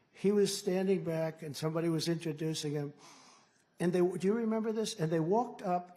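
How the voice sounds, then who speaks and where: Older guy in his 70s at a rally podium, rambling and bragging, a bit high-pitched. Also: mellow. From United States. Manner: rambling, boastful, with mocking asides. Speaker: political candidate. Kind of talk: campaign rally speech. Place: large indoor rally hall.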